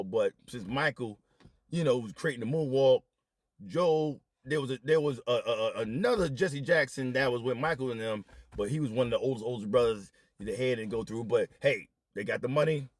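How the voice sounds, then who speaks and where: Animated man telling a comic story. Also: no echo, studio quality. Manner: animated, jumps into squeaky high voices when quoting. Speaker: comedic storyteller. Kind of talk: comedic storytelling monologue.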